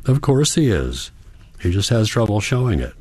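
A man's voice: fairly low pitch, big pitch swings, normal speed, warm tone, breathy edge, dry recording, pitched above the performer's own voice. A man reading the part of a worried, caring young granddaughter in an audiobook, with an earnest, pleading manner.

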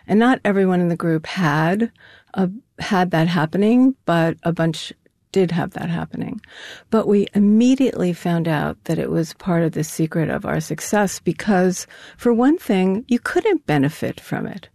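An older woman speaks in a low, gravelly voice and keeps up a loose, chatty flow as an interview guest. She laughs often. The recording is dry and close, with no room sound. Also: expressive, moderate pace, a little mellow, dry recording. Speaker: guest, co-founder of an anonymous artist collective. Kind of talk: casual interview conversation.

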